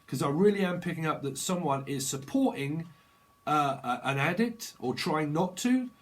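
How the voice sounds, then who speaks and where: Guy rambling through a tarot reading, slangy and sweary, slightly high voice. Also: lively intonation, normal speed. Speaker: tarot reader. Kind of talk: channeled tarot reading monologue.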